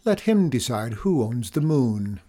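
A man's voice: medium pitch, sing-song, measured pace, warm tone. A man voicing an anxious, tender farmer's wife in a raised, worried voice, in a storybook reading.

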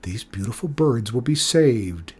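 A man with a husky voice reading the pleading lines of a serious young village teacher in a storybook. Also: medium pitch, animated, measured pace, a little mellow. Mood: explaining. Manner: pleading, earnest.

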